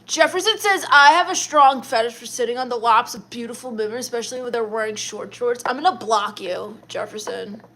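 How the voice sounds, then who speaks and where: A young woman hosting a livestream, reading viewer comments aloud in a deadpan, dismissive, sarcastic comedic manner. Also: on the high side, brisk, hardly any pauses. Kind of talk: in-character comedic livestream chat.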